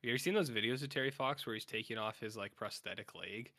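A man's voice: mid-range voice, fast talker, pushed and bright, dry recording. A man co-hosting a podcast, chatting casually about a film with wry, sarcastic remarks and the odd swear. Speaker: podcast co-host. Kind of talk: casual chat recapping a film.

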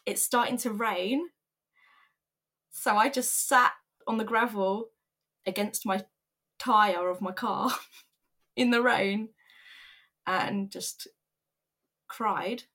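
A woman's voice: medium pitch, slow, long pauses, a bit bright. Young adult woman, earnest, emotional, candid vlog narration. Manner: candid, earnest, emotional retelling with quoted voices. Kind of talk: personal storytelling vlog.

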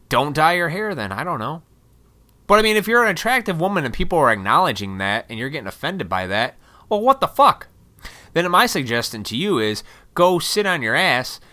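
A man's voice: fairly high pitch, bright, forceful tone. A man venting his opinions in a blunt, profane, rambling vlog rant. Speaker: vlogger.

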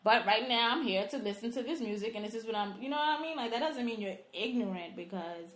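A woman's voice: a little high, fast talker. A woman co-hosting a podcast in casual chat, talking earnestly and often restarting as she searches for words. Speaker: podcast co-host. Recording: roomy echo, faint room noise.

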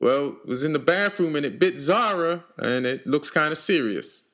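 A man's voice: a little high, lively intonation, normal speed, fairly bright tone. A man co-hosting a podcast, playing it blunt and profane in an improvised comedy sketch. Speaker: podcast co-host.

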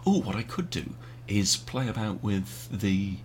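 Man, podcast co-host, rambling, self-mocking, low voice with lively swings, faint hum behind. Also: measured pace. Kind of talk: casual chat. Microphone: home podcast mic with earpiece.

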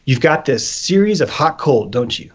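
A man talking loose and animated on a podcast, swearing freely and acting out little voices as he argues. His voice sits a bit high, and the audio is dull and lo-fi. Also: normal speed, breathy edge. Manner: animated, profane, acts out voices. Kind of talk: casual chat. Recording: dull lo-fi sound.

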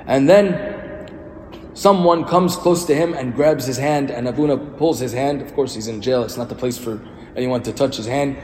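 A male priest delivers a storytelling sermon in a mid-pitched, conversational voice. He asks his listeners rhetorical questions as he goes. The church hall rings with a long, roomy echo, and faint ambient noise sits behind him. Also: normal speed, a little mellow.

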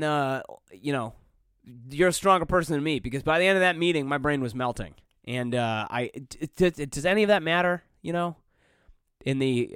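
A man's voice: mid-range voice, clean tone, no room sound. A young man hosting a rambling solo podcast, talking wryly into a close microphone with many fillers and restarts. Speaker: podcast host. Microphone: close studio mic.

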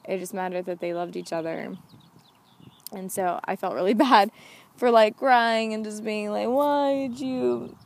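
A woman's voice: mid-range voice, little pitch movement, moderate pace. Chatty young woman hosting a podcast. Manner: chatty, earnest, heavy use of "like". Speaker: podcast host. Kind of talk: casual solo podcast talk.

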